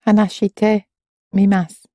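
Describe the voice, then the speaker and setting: Tentative woman student, slow and mellow. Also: medium pitch, little pitch movement, no room sound, studio quality. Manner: tentative, self-correcting. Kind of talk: answering in a language lesson.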